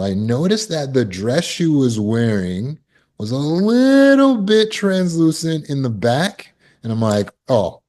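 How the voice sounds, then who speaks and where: A man's voice: fairly low pitch, darkish tone. A man coaching on trauma recovery in a casual talk, telling stories and acting out quoted people with big jumps in his voice.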